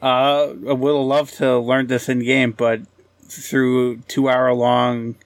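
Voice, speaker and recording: A man's voice: mid-range voice, level tone, takes it slowly, smooth, no room sound. A man from Pennsylvania co-hosting a gaming podcast, hesitant, with lots of uhs and short answers. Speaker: podcast co-host. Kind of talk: casual gaming podcast chat.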